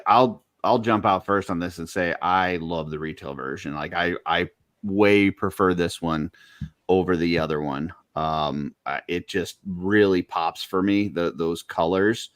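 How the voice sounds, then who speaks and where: A man's voice: low voice, unhurried, a bit bright, dry recording, studio quality. A man co-hosting a casual podcast, rambling through long lists with lots of fillers. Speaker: podcast co-host. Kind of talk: casual chat about collectible toys.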